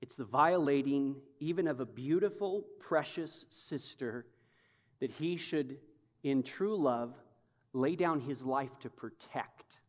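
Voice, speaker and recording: A man's voice: mid-range voice, takes it slowly, long reverb tail. A man preaching a sermon with emphatic, conversational delivery and touches of humor. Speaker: pastor.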